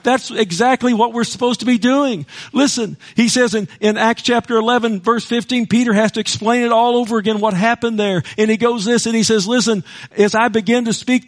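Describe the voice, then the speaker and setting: A middle-aged man preaching a passionate sermon, swinging between hushed, intimate moments and loud, rousing ones. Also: high voice. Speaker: pastor.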